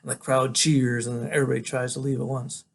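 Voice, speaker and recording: A man, a teacher, reading a novel aloud in a relaxed, conversational storytelling way. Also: medium pitch, quick pace, creaky, a little hiss or hum.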